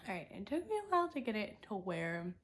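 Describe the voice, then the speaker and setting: A woman's voice: mid-range voice, sing-song, quick pace, fairly bright tone, slight background noise. A young woman vlogger chatting casually as she swatches eyeshadow and talks through each makeup step. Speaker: beauty vlogger. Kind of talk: casual makeup tutorial talk.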